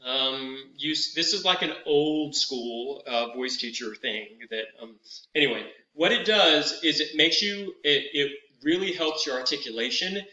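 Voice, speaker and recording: A middle-aged man leading a vocal warm-up as a voice teacher, patient and instructive, slowing down to over-articulate the drills. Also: fairly high pitch, expressive, echoey room, dull audio.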